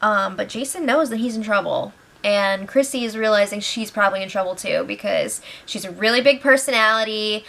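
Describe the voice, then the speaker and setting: A young woman giving a casual spoiler recap from home, chatty, laughing often and quoting people in lively voices. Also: medium pitch, fairly quick, creaky, hardly any pauses. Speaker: reality show recap host. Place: home, with pets nearby.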